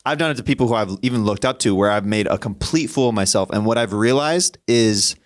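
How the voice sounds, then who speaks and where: A man hosting a podcast, talking in a rambling, self-deprecating way with halting restarts. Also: on the low side. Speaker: podcast host. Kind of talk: casual chat.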